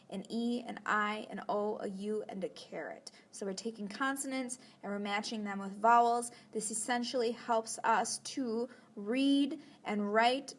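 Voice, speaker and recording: A young adult woman giving a spoken language lesson, slowly and carefully pronouncing each sound for learners to repeat. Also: fairly high pitch. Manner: slow, careful, clearly enunciated. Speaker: language teacher.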